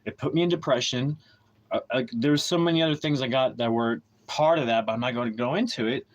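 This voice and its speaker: A man's voice: mid-range voice, fast talker, highs cut off. A man hosting a livestream, ranting in a heated, profane, rambling way with many restarts and a bitter, aggrieved tone. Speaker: livestream host.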